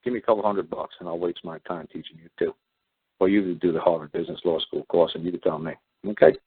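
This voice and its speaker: A deep, husky man hosts a talk show and tells his story in a blunt, combative way. The sound is thin and tinny, like a phone line. He strings his points together with repeated "I said". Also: animated, fast, no room sound.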